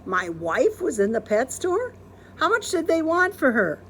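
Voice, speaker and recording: A middle-aged husband cracks dry little jokes in a storybook, voiced by a woman reader. His delivery is teasing and easygoing, with pitch that moves around a lot. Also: sing-song, a little slow, a little hiss or hum. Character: joking middle-aged husband, Mister Rogers.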